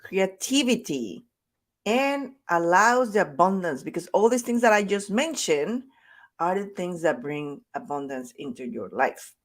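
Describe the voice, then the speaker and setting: A woman's voice: lowish voice, lively intonation, a little slow. A woman self-love coach giving a conversational motivational talk, speaking emphatically and repeating her key points.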